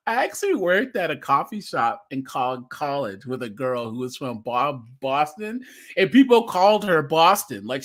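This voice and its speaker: A young man from the US West Coast talks casually to his livestream viewers, reading chat comments and laughing along. His voice sits a little high and swings widely in pitch. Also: a bit bright. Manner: chatty, laughing, reads chat comments aloud. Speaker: streamer reacting to videos and chat.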